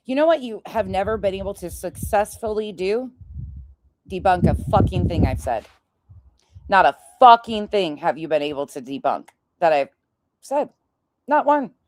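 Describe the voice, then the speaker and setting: A woman's voice: mid-range voice, animated, moderate pace, a little mellow, rough recording. A woman ranting in a commentary vlog, sarcastic and mocking, swearing often. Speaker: online commentator.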